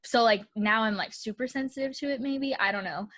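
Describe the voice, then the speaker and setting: A woman's voice: on the high side, a little fast, fairly bright tone, slight background noise. A young woman co-hosting a casual podcast, talking in a chatty way with lots of fillers and frequent laughs. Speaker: podcast co-host. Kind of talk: casual chat.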